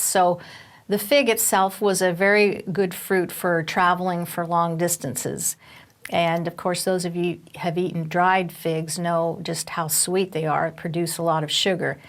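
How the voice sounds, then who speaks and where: A woman Bible teacher giving a recorded teaching session, explaining step by step with fillers and restarts. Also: lowish voice.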